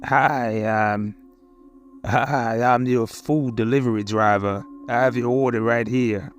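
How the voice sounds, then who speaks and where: Guy putting on a creepy stranger at the door, groggy and shaky, kinda hesitant, middle pitch. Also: fairly even intonation, slow, soft background music, natural voice. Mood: wheedling.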